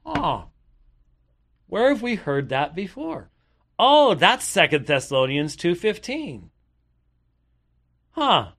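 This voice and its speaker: A man's voice: sits high, sing-song, slow pace, long pauses, a bit bright. An older man preaching, reading long quoted passages and breaking off with pointed rhetorical questions and sarcastic asides. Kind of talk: sermon reading aloud from historical sources.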